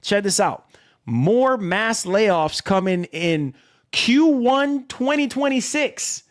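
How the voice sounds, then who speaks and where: A man giving dramatic commentary on gaming news, with theatrical, pleading exclamations and drawn-out emphasis. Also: high voice, big pitch swings.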